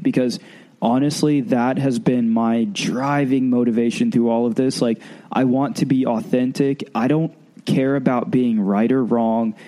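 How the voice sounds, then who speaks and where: A man's voice: medium pitch, dark tone. A man co-hosting a podcast in casual chat, a bit stuffy from a sinus cold, earnest and easygoing. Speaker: podcast co-host.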